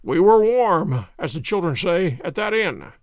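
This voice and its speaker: A man voicing a cool, shrewd male detective who speaks in a calm, measured, wry way in a storybook reading. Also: high voice, no room sound, clean studio sound, heavily acted.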